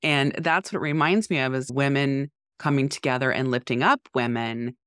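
A woman with a rumbling low, clean voice speaks at normal speed in a dry, studio-quality recording. She's a podcast co-host and mental health therapist, talking candidly and animatedly in casual conversation with lots of "like" fillers.

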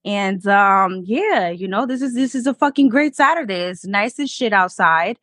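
A woman's voice: mid-range voice, lively intonation, moderate pace, a bit bright, dry recording, clean studio sound. A young woman from Spanish Harlem, New York, co-hosting a podcast in laid-back, profane, giggly chatter. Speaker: podcast co-host. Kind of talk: casual podcast chat.

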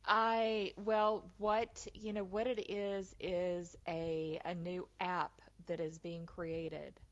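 A woman's voice: fairly low pitch, flat delivery, slow pace, no room sound. A woman hosting a call-in psychic radio show, chatting casually with many ums. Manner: chatty, with fillers like um and uh. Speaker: psychic medium and radio host. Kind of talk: casual talk radio chat. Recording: dull, lo-fi line.

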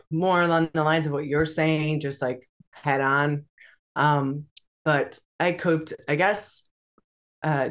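A guest on a video call talks candidly in a mid-pitched voice. The speech is halting, full of fillers and restarts, broken by nervous laughter. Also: a bit bright. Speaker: interview guest. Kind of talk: candid conversational interview.

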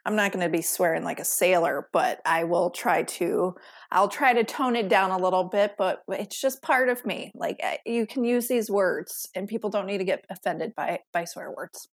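A woman in her late thirties from the Detroit suburbs speaks as a podcast guest, blunt and unfiltered, cursing without a second thought. Her voice sits a little low for a woman, steady and frank. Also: normal speed. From Detroit suburbs, Michigan. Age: 30s. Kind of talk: casual podcast interview.

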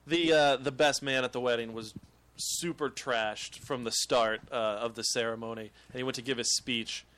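A man's voice: mid-range voice, steady tone, moderate pace, fairly bright tone. Rambling, laughing male podcast host. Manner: rambling storyteller, laughs often. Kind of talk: casual chat.

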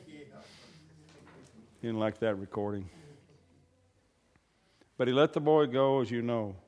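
A man preaching a sermon as pastor, moving from low conversational talk to loud, fervent preaching. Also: slow, highs cut off. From raised on a farm. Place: church hall. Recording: long reverb of a church hall.

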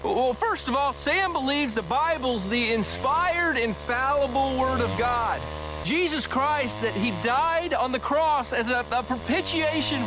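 An actor playing a busy, evasive male pastor in a comedy skit, offhand and deadpan. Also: very high-pitched, measured pace. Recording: skit video with background noise.

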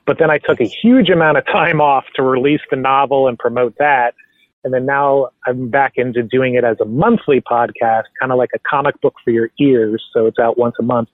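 A man's voice: medium pitch, fairly quick, no room sound. Man, casual interview guest, rambling, phone-like tinny audio, dry sound. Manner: relaxed, rambling with fillers and restarts. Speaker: podcast creator and voice actor.

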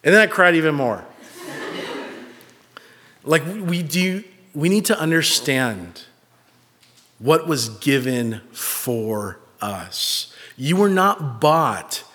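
A man preaching a sermon, telling a personal story with an animated, self-mocking manner. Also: a little high, takes it slowly, long pauses, a little hiss or hum. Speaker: pastor. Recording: reverberant hall.

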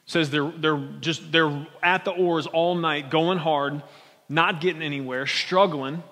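A male pastor with a high voice preaches at an unhurried pace in an animated, conversational style, stumbling and restarting his phrases. The long reverb of a large hall rings around his words.

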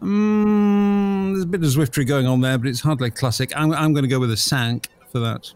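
A man hosting a podcast in casual chat, lively and jokey as he leads a scoring game. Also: on the high side, fairly quick, smooth. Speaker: podcast host.

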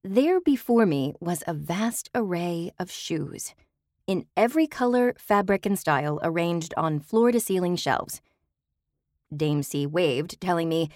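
A woman narrating an audiobook in the first person, wry and expressive, on a close studio mic. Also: lowish voice, unhurried, no room sound.

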